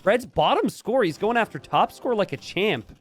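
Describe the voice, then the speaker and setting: Lively, animated male game caster. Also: high-pitched, moderate pace. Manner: chatty, jokey, bursts into excited shouts and laughter. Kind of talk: live strategy game commentary.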